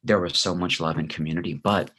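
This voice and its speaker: A man with a very low, husky voice recounts his life story to an interviewer. He talks earnestly and with feeling, reflective and sincere, in a relaxed conversational flow. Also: fast. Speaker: interview guest, actor.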